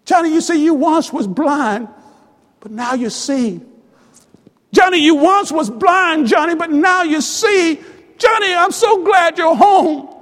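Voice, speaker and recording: A man's voice: very high-pitched, expressive, normal speed. A man preaching a sermon, voicing a loving father who prays for and forgives his son. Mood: tender. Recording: long reverb of a large hall.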